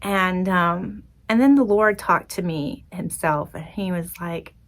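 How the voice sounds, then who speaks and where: A woman hosting her own podcast, telling a personal story in a chatty, expressive, self-deprecating way. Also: fairly low pitch, slow pace. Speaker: podcast host. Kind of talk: casual solo podcast storytelling.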